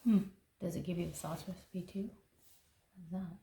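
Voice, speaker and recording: A woman's voice: lowish voice, steady tone, normal speed, dark tone. A woman, chatting enthusiastically as she flips through a seed catalog for her gardening vlog and thinking aloud as she goes. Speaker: gardening vlogger. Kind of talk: casual catalog flip-through. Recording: echoey room with faint noise.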